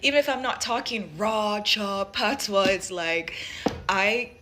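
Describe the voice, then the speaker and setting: A woman's voice: mid-range voice, expressive, measured pace, background noise. A young woman from Jamaica with a light Jamaican accent blended with American speech. She thinks aloud in a casual, rambling monologue full of fillers and restarts. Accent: light Jamaican mixed with American.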